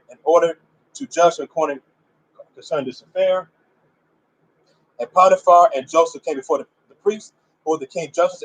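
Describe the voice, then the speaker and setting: Husky high-voiced man teaching scripture. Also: low-quality recording. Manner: reads aloud haltingly, stopping for informal asides. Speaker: Bible teacher. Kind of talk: scripture reading with commentary.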